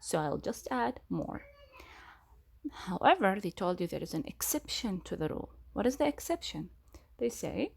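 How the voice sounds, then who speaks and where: Woman teacher, slow and patient, gravelly and a little husky, lively pitch, classroom grammar lesson. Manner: slow, repeats key words, asks questions.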